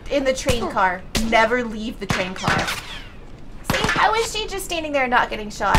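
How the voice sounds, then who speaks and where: A young woman streaming a video game live, chatting and joking, then breaking into excited shrieks and laughter when the action heats up. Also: on the high side, moderate pace. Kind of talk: live gameplay commentary.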